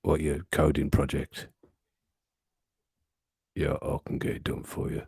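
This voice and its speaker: Guy doing a sly dealer voice, low and hushed, sounds pulled back from the mic. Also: level tone, measured pace, gravelly, breathy edge, dry recording, studio quality, heavily acted. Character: shady low-voiced male AI dealer hawking services.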